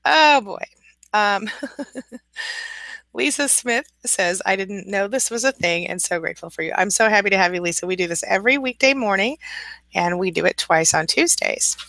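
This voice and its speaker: A woman's voice: mid-range voice, normal speed, gravelly, bright, forceful tone, dry recording. A woman coaching on a live stream, reading viewer comments aloud and answering them encouragingly, now and then scolding her kitten.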